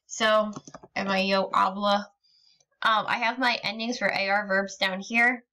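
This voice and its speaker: Woman, teacher, bright clear voice, patient step-by-step explaining, frequent ums, recorded screen lesson. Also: medium pitch, little pitch movement, measured pace. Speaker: Spanish teacher.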